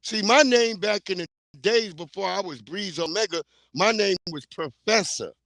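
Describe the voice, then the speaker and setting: This livestream host, a middle-aged man from New York, rants casually, bluntly and profanely with real heat. His voice sits high and a bit bright, his pace is moderate, and there's no echo.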